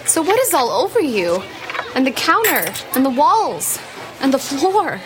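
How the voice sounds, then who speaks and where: A woman's voice: high-pitched, big pitch swings, a little slow, noisy background. An actress playing a self-assured, pushy teenage girl. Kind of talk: radio drama acting.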